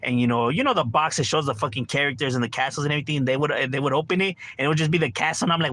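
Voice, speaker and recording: A man's voice: a little high, racing, hardly any pauses, a bit bright. A middle-aged man streaming a game from home, ranting casually with lots of profanity and constant "bro.". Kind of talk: casual livestream rant.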